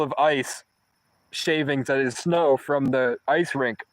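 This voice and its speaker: A young man talks through a personal story in a loose, rambling way, swearing freely and breaking off to restart his sentences. His voice sits at an ordinary pitch for a man. The recording is dry and close, with almost no room echo. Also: a little slow. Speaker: vlogger. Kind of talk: casual storytelling monologue.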